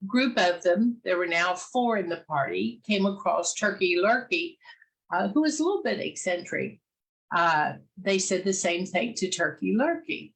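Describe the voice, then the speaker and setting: A woman telling a children's fairy tale in a casual, gentle way, pausing often with "uh". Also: lowish voice, rough recording. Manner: gentle, many "uh" pauses. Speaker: storyteller. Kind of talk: casual storytelling, reading a fairy tale aloud.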